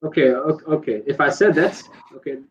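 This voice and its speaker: High-voiced debater on dull call audio. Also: male voice. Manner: rapid-fire questions, interrupts, repeats himself. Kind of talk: online debate.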